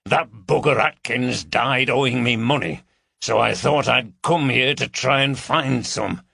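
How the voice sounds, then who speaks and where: A man voicing a bulky, coarse man, who talks in a slow, mocking drawl. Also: mid-range voice, creaky, pushed and bright, breathy edge, no echo, clean studio sound, pitched above the performer's own voice, heavily acted. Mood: grumbling. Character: bulky coarse Yorkshire man, leering and blunt.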